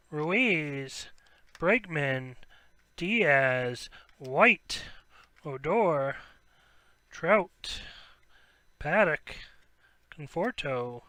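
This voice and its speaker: Excitable card-break host, bright high voice. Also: male voice, dry recording. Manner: rattles off player names, bursts into excited shouts at big pulls. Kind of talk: live sports card break commentary.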